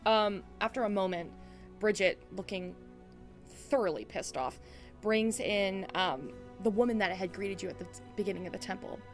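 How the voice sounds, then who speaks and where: A woman's voice: mid-range voice, moderate pace, soft background music. A woman running a tabletop game, narrating in a casual way that is full of fillers. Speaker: game master.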